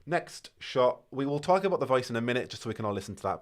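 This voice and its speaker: A man from the north of England with a Northern English accent, hosting a live reaction stream in excitable, speculative casual chat. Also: mid-range voice. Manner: excitable, speculative, quick to laugh.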